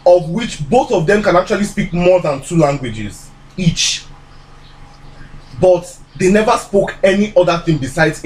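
A young man from Nigeria, chats on a podcast in a fairly high voice. His pitch moves around a great deal. He talks emphatically, circling back to say the same point again. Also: low-quality recording. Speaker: podcast co-host. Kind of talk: casual chat.

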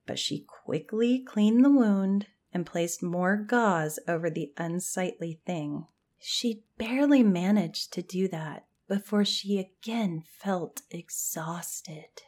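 A woman telling a scary campfire story as scripted narration, in a hushed voice that often drops to a whisper. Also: lowish voice, slow.

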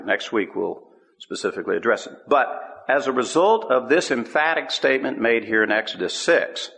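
A man preaching a sermon, teaching scripture with an emphatic, drawn-out cadence. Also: mid-range voice, creaky, fairly bright tone. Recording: long hall reverb.

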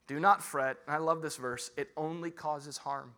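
A man preaching a casual, conversational sermon, animated and full of rhetorical questions. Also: fairly high pitch, moderate pace, few pauses. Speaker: pastor.

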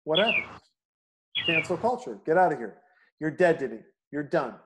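A man's voice: a little high, big pitch swings, moderate pace, fairly bright tone, slight background noise. A man co-hosting a casual chat, talking in long, profane, emphatic rants.

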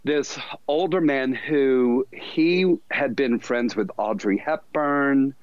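A man's voice: mid-range voice, slow, no room sound. A man in his fifties with a Southern US accent, a podcast guest who tells long, self-deprecating stories with frequent laughs. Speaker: podcast guest, fashion designer. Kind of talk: casual storytelling interview. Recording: dull, lo-fi dry sound.

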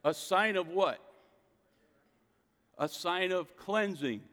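A man's voice: high voice, expressive, slow pace, fairly bright tone. Preaching man with hall reverb. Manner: emphatic preaching, rhetorical questions. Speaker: pastor. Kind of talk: sermon.

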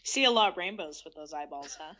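Bright, teasing woman podcast co-host. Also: deep voice, lively intonation. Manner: playful, teasing, quick to laugh. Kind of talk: casual soccer podcast chat.

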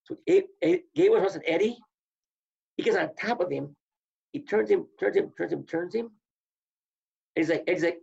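An older man and former wrestler, telling stories in an animated way and acting out what others said. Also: high-pitched, quick pace, vocal fry, long pauses, slightly rough, far from the mic, dull audio. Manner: animated storyteller, acts out quotes. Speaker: former college wrestler, guest. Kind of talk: storytelling interview chat.

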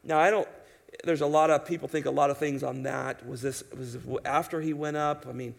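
A man's voice: on the high side, fairly even intonation, a little fast, creaky. A man preaching an expository sermon in an emphatic, conversational way, asking his listeners rhetorical questions. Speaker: pastor.

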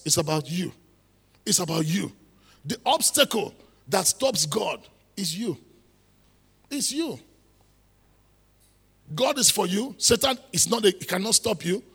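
A man's voice: high-pitched, gravelly, a bit bright, husky, in a large hall. A man preaching a sermon, emphatic, repeating phrases and building into exhortation.

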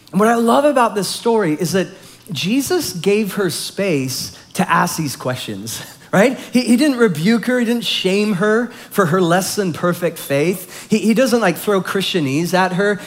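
A man's voice: high voice, moderate pace. A man preaching a sermon, reading scripture and explaining it, acting out quoted voices with rising emphasis. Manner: expressive, acts out quoted lines with rising emphasis. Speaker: pastor.

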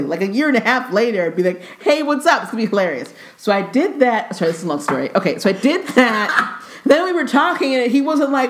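A young woman comedian telling a story in a casual podcast chat, animated and profane, laughing often and acting out the dialogue. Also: fairly high pitch, fast talker. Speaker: stand-up comedian guest. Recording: roomy echo.

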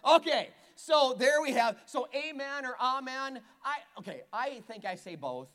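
A man's voice: very high voice, expressive, a little slow, bright, forceful tone. A male pastor delivering a sermon, joking playfully with his congregation in a church. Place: church hall with a live congregation.

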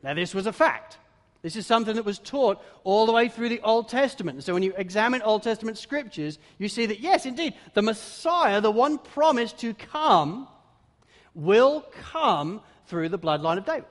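A man preaching a sermon, with dramatic swings between loud exclamations and hushed emphasis. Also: sits high, animated, normal speed. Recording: long hall reverb.

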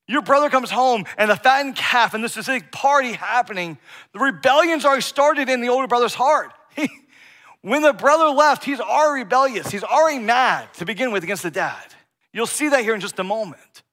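Preaching in a conversational style, a middle-aged male pastor keeps turning to the congregation with "right?" asides. His voice is very high, bright and forceful.

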